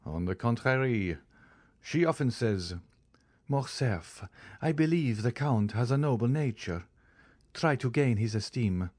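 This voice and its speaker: A man voicing an eager, earnest young nobleman in an audiobook, speaking in an earnest, warm-hearted way. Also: medium pitch, expressive, unhurried, no room sound. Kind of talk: audiobook character reading.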